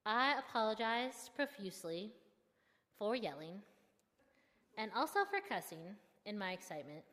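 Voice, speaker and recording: A young woman seminary student telling a personal story in a candid, self-deprecating and expressive way. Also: medium pitch, normal speed, in a large hall.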